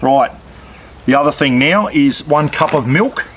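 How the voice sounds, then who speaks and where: A man's voice: fairly high pitch, expressive, measured pace, fairly bright tone, slight background noise, low-quality recording. A man with an Australian accent hosting a casual cooking demonstration, chatting straight to his viewers as he cooks outdoors. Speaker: cooking channel host.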